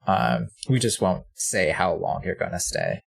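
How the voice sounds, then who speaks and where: A man playing a character in a tabletop game, describing his moves with a deadpan touch. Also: low-pitched, unhurried, vocal fry, slightly rough. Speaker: player. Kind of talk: tabletop role-play, in and out of character.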